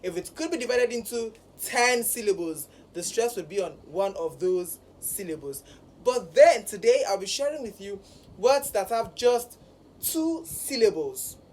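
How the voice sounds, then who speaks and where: Female speech coach, measured delivery, deliberate emphasis, unhurried. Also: medium pitch, rough recording. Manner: slow, deliberate, repeats words with emphasis. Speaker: elocution and communications coach. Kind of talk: pronunciation lesson.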